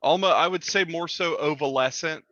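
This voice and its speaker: A man's voice: fairly high pitch, moderate pace, bright, forceful tone, dry recording, muffled recording. A man running a tabletop game as dungeon master, rambling and correcting himself as he describes scenes. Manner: rambling, self-correcting, laughs easily.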